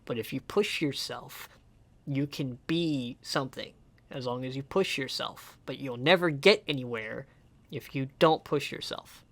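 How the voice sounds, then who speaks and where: A young man reacts casually to a music video in a mid-range, fairly bright voice, taking his time. He's passionate and swears a lot, rambling and repeating himself, emotional to the point of nearly crying.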